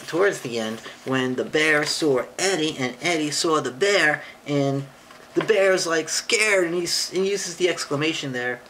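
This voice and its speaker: A woman reading a picture book aloud to a child and explaining punctuation, patient and affectionate, with sudden high excited voices for exclamations. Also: a little slow, a little hiss or hum, poor audio. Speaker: parent or relative reading to a child.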